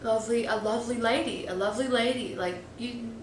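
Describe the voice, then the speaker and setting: A woman's voice: a little high, a little fast, noisy background. A woman giving a casual, exasperated movie review, rambling with lots of fillers and restarts. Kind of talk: casual opinionated film review. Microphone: phone. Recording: echoey room with faint ambience.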